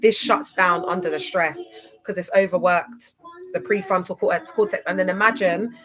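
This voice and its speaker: A woman's voice: on the low side, steady tone, normal speed, a bit bright. A woman hosting a casual livestream, chatty and laughing often, spelling out some words. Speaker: livestream host.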